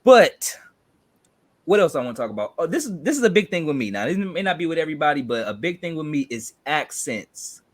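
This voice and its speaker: A man from Chicago with a Chicago accent, chatting casually as co-host of a trailer reaction video, talking with many fillers and animated bursts. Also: on the high side, fairly quick, no room sound.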